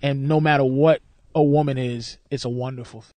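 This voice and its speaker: A man's voice: mid-range voice, steady tone, brisk, mellow, no room sound. A male comedian talking bluntly and profanely about bombing on stage and about audiences. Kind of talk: blunt stand-up talk.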